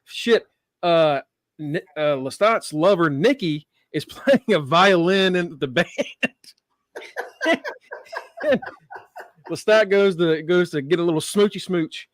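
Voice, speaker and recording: A man's voice: on the high side, slow pace, long pauses, dry recording, studio quality. Laughing man in casual chat. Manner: swears and laughs often. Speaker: podcast host.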